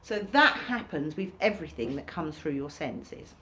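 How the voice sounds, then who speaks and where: A woman giving an informal recorded workshop lesson, talking casually and acting out reactions in sudden high bursts. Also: animated, normal speed, a bit bright, highs cut off, slight background noise. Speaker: workshop teacher.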